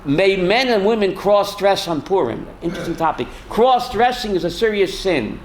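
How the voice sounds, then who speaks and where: A rabbi teaching a Torah class to students, animated and full of rhetorical questions. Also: male voice, sits high, normal speed, slight background noise. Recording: roomy classroom echo.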